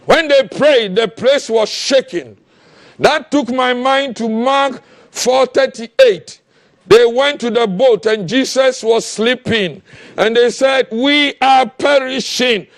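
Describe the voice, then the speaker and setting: A man preaching a fiery sermon, impassioned and often shouting, with repeated calls to the congregation. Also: very high-pitched, slow pace, no room sound.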